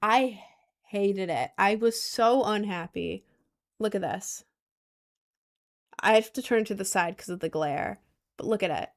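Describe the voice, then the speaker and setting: A woman's voice: mid-range voice, measured pace, pauses often. Chatty twenty-year-old woman. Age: young adult, about 20. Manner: chatty, animated storytelling, mocking quoted voices. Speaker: content creator. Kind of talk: casual chat to viewers.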